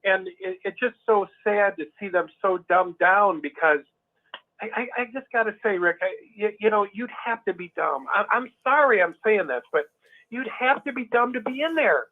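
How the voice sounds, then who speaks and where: A man's voice: high voice, lively intonation, normal speed. A man talking casually and with heat, restarting his sentences often. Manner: emphatic, heated, many restarts. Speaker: guest. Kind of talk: casual conversation. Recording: tinny phone line.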